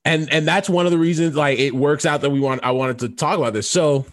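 A man co-hosting a podcast, telling stories in casual banter and often breaking into high squeals and laughs. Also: fairly quick. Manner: animated storyteller, jumps into high squeals and laughs. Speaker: podcast co-host.

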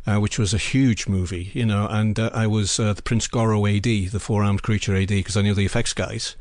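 Low male voice, anecdotal guest, emphatic storyteller, dry close mic. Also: fairly even intonation, brisk, darkish tone, no room sound. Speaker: guest, film assistant director and lecturer. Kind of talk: anecdotal interview talk.

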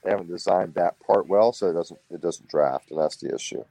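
A man with a very deep, mellow voice tells loose, rambling stories in casual conversation. The recording is dry and close. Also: a little fast, vocal fry, dry recording. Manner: rambling storyteller. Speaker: podcast host.

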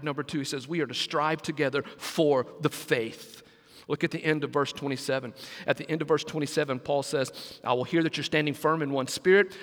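In a church sanctuary, a senior pastor preaches a sermon with emphatic delivery, throwing in asides that call on the congregation. His voice sits high and a bit bright, echoing through the large hall.

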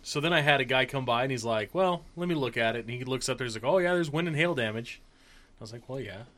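A man's voice: medium pitch, quick pace, a bit bright. A man co-hosting a podcast, telling a story in a laid-back, dry way in casual banter. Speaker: podcast co-host.

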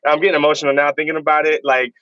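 A young man from Florida, a vegan content creator, telling stories in casual chat with animated, emphatic slang. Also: a little high, racing, no room sound, lo-fi sound. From Jacksonville, Florida, US.

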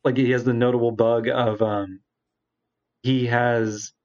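The co-host here speaks a little slowly, his medium-pitched voice darkish in tone with little pitch movement. He rambles through an extended tale from a game on a casual podcast, performing the characters' dialogue, over muffled lo-fi audio.

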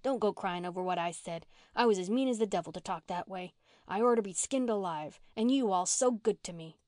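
A woman voicing a rough-spoken runaway orphan girl who talks in blunt, folksy country slang, read for a storybook. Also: mid-range voice, a little fast, a little mellow, dry recording, clean studio sound, lightly acted.

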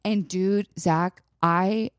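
A young woman co-hosting a podcast, telling a story in casual chat, animated and profane, acting out quotes loudly. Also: medium pitch, extremely slow, dry recording, studio quality. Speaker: podcast co-host.

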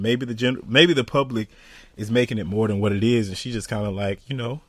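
A man co-hosting a casual podcast, talking in loose slang with a lively, swooping pitch and a quick laugh. He sounds a little stuffy from sinus trouble. The sound is dry and close, with no room around it. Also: no echo. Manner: animated, laughs often, loose slangy talk. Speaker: podcast co-host. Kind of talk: casual chat.

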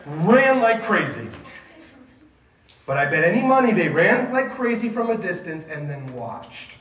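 A man preaching a sermon to a junior high group, emphatic and asking the listeners questions. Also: sing-song, measured pace, fairly bright tone. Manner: emphatic, asks the audience questions. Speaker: youth pastor. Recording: echoey room, mic at a distance, faint ambience.

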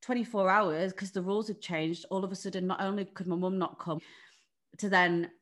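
A woman's voice: medium pitch, steady tone, fairly quick. A young English woman telling a personal story in a frank, chatty way, with lots of "like" and "you know" and some swearing. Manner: candid, frank, chatty, with swearing and many fillers. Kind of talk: casual conversation.

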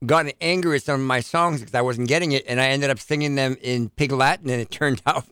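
A man's voice: mid-range voice, steady tone, fast, a bit bright, smooth, no room sound. Rambling hesitant man on a talk show. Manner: rambling, hesitant, many fillers. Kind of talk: casual talk show banter.

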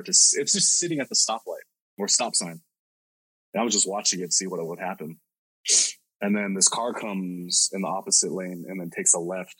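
A man's voice: low voice, a bit bright, husky, no echo, rough recording. A male podcast host telling a story casually, rambling and swearing with lots of filler words.

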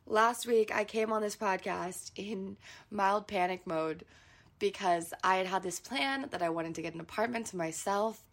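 A woman's voice: medium pitch, normal speed. A woman in her twenties with a groggy morning voice, hosting her solo podcast in a chatty, candid way with little giggles. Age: 20s. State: morning voice, not warmed up. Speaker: podcast host. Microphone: podcast microphone.

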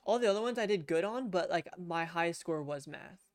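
In a casual podcast chat from his home computer, a young male co-host tells a long, rambling story with swearing and restarts. He sounds high-pitched, animated, and a little fast, and the headset audio is clean studio sound with no room sound.

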